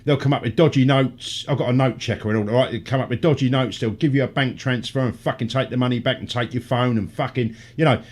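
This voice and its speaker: A man's voice: mid-range voice, steady tone, fast talker, few pauses, darkish tone. A middle-aged man, hosting a casual radio chat and ranting with heavy swearing. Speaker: radio show host.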